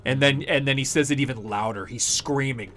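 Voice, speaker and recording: Male game master, relaxed narration, quiet music bed. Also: mid-range voice, fairly quick. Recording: faint background music.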